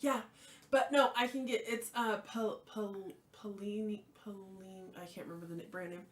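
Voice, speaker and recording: A woman's voice: medium pitch, steady tone, normal speed, recorded from a distance. A woman co-hosting a casual livestream, chatting and laughing about food and drinks. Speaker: co-host. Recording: echoey room, off-mic.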